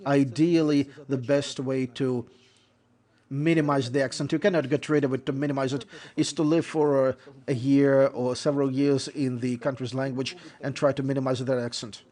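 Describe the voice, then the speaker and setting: A man delivering a lecture as a voice-over, in a measured explanatory way, often restating points and correcting himself mid-phrase. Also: mid-range voice, steady tone, a little mellow. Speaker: lecturer on interpreting.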